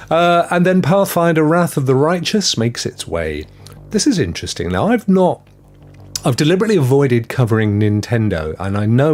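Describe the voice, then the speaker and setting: A man's voice: fairly low pitch, darkish tone. A man hosting a casual livestream news show, chatty and rambling, greeting viewers by name. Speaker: host.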